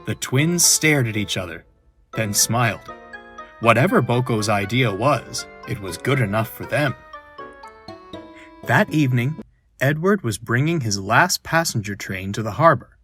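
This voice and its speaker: A man narrating a children's storybook, slow and expressive. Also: mid-range voice, soft background music.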